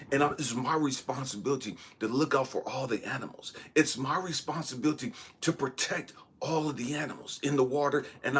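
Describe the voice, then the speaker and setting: A man hosting his own channel, retelling a dream in a casual, dramatic way, swinging between loud stretches and hushed ones. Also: medium pitch, slightly rough. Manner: conversational, often asks "you know what I mean". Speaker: channel host. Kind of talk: personal dream storytelling.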